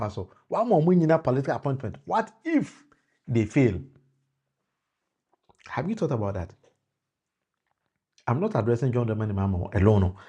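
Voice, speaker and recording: Warm, medium-pitched, and with a breathy edge, this Ghanaian-accented man delivers political commentary to a live-stream audience. He shifts back and forth between Twi and English, restarts phrases, and calls out viewers by name.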